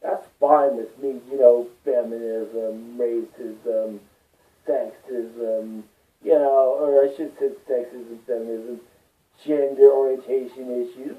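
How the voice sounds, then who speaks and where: A man's voice: medium pitch, animated, takes it slowly. A man rambling through a personal monologue, swearing often and getting worked up as he talks. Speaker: vlogger. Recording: distant tinny phone-like sound.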